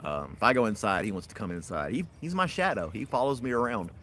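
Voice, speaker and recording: Lively chatty man hosting a livestream. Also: fairly low pitch, fast, slight background noise. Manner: rambling, chatty, laughs often. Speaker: livestream host. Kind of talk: casual livestream chat with viewers. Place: outdoors in a backyard.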